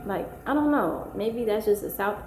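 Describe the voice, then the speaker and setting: At normal speed and in a mid-range, darkish voice, a woman runs a relaxed live stream at home, where her kids are close by. A mother and stream host, she reads out viewer comments in a slangy, wandering way that keeps drifting off topic, recorded in an echoey room with faint noise.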